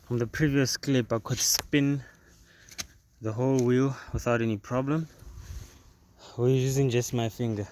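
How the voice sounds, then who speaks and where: Male DIY car vlogger, mid pitch, slow halting delivery, working outdoors, faint ambience. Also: steady tone, a little mellow, slight background noise. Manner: slow, halting, repeats words while explaining. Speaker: car repair video host. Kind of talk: casual how-to demonstration.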